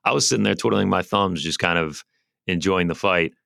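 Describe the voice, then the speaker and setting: A deep-voiced man with a gravelly edge co-hosts a betting podcast. He sounds close and dry, and he talks wryly, echoing phrases back as he chats. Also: a bit bright. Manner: wry, repetitive, quick to agree. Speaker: podcast co-host. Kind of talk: casual betting chat.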